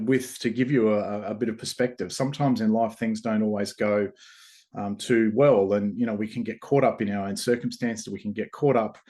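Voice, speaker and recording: A man telling a parable in a relaxed, rambling way as host of a short message. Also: lowish voice. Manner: relaxed, rambling, with fillers and restarts. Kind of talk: casual parable storytelling.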